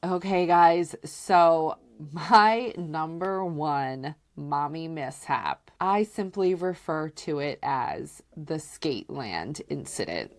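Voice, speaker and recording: A woman with a low voice tells candid personal stories on her podcast. She speaks slowly and loosely, with plenty of "like" and "you know" filling her sentences. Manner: chatty, peppered with "like" and "you know"; relaxed and candid, acts out quoted voices. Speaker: podcast host. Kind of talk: casual personal storytelling.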